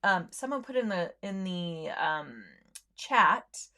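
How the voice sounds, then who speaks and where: A woman's voice: fairly low pitch, animated, slow pace, pushed and bright. A woman hosting a sewing livestream, chatting casually with viewers, friendly, with lots of ums and easy laughs.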